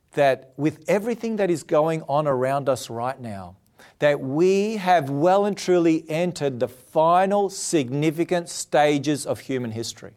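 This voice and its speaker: A man's voice: a little high, darkish tone. A male preacher giving a televised sermon, earnest and emphatic, asking rhetorical questions. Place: TV studio.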